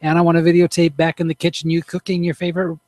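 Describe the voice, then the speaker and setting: A man's voice: a little high, monotone, fast talker, a little mellow, no echo. A man co-hosting a radio show, easygoing and supportive with short replies. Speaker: radio co-host. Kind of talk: casual radio chat.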